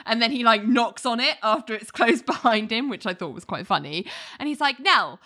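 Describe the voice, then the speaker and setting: Lively British woman recapping a show. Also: a little high, a little fast. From Britain. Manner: animated, laughs often, acts out characters' lines. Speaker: podcast host recapping a TV episode. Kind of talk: casual chat.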